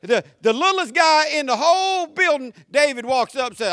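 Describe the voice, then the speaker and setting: High-voiced, bright energetic preacher. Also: male voice, normal speed, no room sound, clean studio sound. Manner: energetic, conversational preaching that builds to shouts. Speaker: pastor. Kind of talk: sermon.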